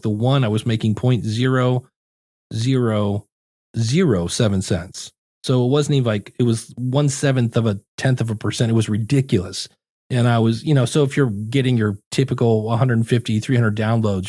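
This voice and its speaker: A man's voice: medium pitch, dry recording. Dry-voiced man giving podcast advice. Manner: animated, acts out little quoted scenes. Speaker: podcast coach and guest. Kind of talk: casual interview chat.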